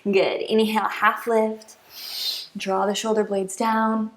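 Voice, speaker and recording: A woman guiding a yoga flow in a calm, encouraging voice. She paces her cues to the breath and fills the pauses with soft hums. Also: medium pitch. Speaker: yoga instructor. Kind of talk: guided yoga class instruction.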